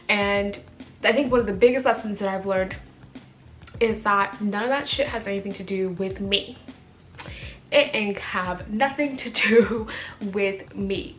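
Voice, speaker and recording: A woman's voice: medium pitch, fairly bright tone. A young woman vlogger giving casual, blunt life advice in an emphatic, sassy way, often ending points with "okay?".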